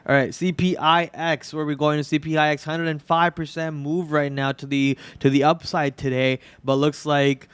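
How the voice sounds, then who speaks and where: A hoarse man hosting a live trading stream, talking through stock charts in a rambling way with many restarts, on a podcast microphone. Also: fairly high pitch, level tone, normal speed, few pauses, a bit bright, no echo. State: hoarse, itchy throat. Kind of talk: live market commentary.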